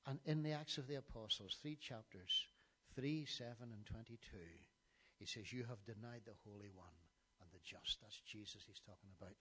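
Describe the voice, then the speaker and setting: A man's voice: fairly low pitch, normal speed, bright, forceful tone, slight background noise. A middle-aged man preaching a sermon, reciting scripture passages with emphasis and now and then stumbling over his words.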